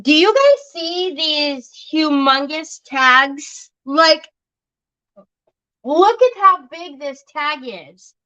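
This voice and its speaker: A woman's voice: high voice, lively intonation, extremely slow, pushed and bright, lo-fi sound. A woman hosting a crafting livestream, chatting casually and joking at her own expense while she works. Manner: chatty and self-mocking, often laughing.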